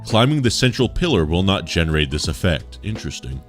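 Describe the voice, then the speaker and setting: Deep-voiced casual male streamer. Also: sing-song, fairly quick, soft background music. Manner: chatty, reads aloud with asides to chat. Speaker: streamer reading articles aloud. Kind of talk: casual livestream reading.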